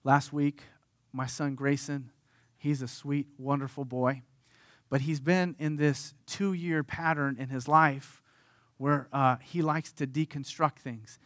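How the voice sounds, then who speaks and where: A man in his thirties preaching a sermon as pastor, earnest, moving from hushed lines to animated storytelling. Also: mid-range voice, takes it slowly, no room sound, studio quality.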